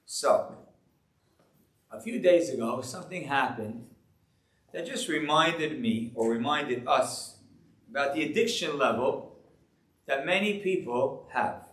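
A man speaking as a rabbi, giving a sermon to a live audience in an animated, joking, rhetorical way. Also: mid-range voice, slow pace, long pauses, far from the mic. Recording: echoey room.

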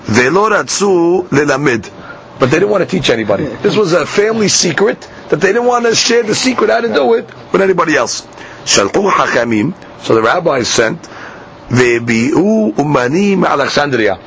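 Gravelly man teaching a Talmud class. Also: a little high, very animated, a bit bright. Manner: reads Aramaic lines slowly, then explains them in English. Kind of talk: Talmud class, reading and translating. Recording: dull lo-fi class recording with faint hiss.

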